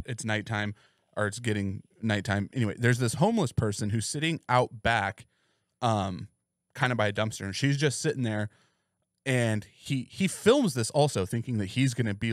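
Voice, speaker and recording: A man co-hosting a podcast, telling a story in a casual, profane, animated way. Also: mid-range voice, no echo, studio quality. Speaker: podcast co-host. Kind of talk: casual chat.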